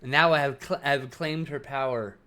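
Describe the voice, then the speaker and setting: A woman's voice: a bass voice, brisk, background noise. A woman in her thirties chatting casually on a live stream, reading chat messages aloud, telling stories and swearing freely. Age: 30s.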